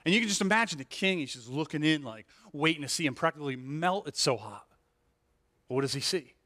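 A male pastor preaching a sermon with animated delivery, rhetorical questions and frequent "right?" asides, restarting and repeating words as he builds a point. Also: on the high side, brisk. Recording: long hall reverb.

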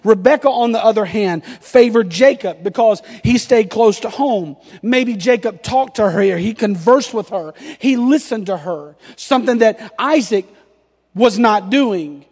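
A man in his thirties, a pastor preaching, telling a lively story and acting out the dialogue. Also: high-pitched, measured pace, slightly rough. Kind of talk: storytelling sermon. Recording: long hall reverb.

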